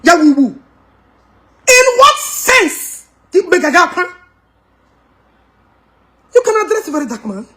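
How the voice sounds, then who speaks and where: A woman's voice: high-pitched, big pitch swings, normal speed, pauses often, a bit bright. A woman with a Nigerian Igbo accent delivering a heated, mocking rant as a commentator. She mixes English and Igbo and laughs with scorn. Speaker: social media commentator.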